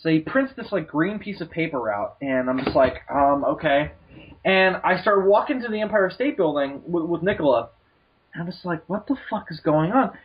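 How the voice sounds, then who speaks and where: Husky-voiced man telling a rambling story. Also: on the high side, lively intonation, normal speed. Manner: profane, laughing, acts out people in stories. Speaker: podcast host. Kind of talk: casual comedic storytelling. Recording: muffled lo-fi podcast recording.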